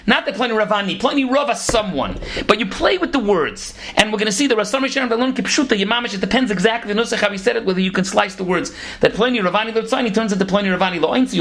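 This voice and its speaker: Fast-talking man teaching Talmud. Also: high-pitched. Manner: rapid, animated explaining with Hebrew and Yiddish terms mixed into English. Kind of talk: Talmud lecture.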